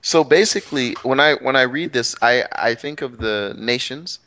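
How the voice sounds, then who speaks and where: A man's voice: mid-range voice, normal speed, bright, forceful tone, a little hiss or hum. Middle-aged male co-host, mid-range voice, rambling and emphatic in casual Bible talk. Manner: rambling, restarts often, emphatic. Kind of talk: casual Bible study chat.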